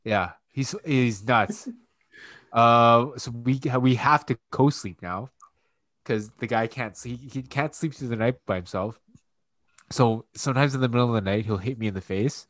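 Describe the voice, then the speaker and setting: A man's voice: medium pitch, a little slow, fairly bright tone, dry recording. A man in his thirties, a podcast co-host and father, telling loose, profane stories full of fillers. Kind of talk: casual chat.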